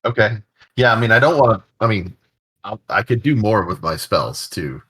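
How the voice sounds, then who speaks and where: A man with a very deep, husky voice, talking as a player in a tabletop game. His pitch swings a lot and his tone stays bright. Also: animated, moderate pace. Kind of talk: casual play talk.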